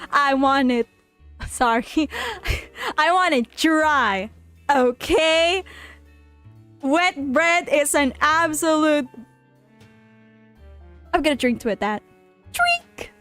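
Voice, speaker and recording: High-voiced, exclaiming woman streamer. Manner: animated and exclaiming, often mock-outraged. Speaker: streamer playing a game. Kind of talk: casual live-stream chat.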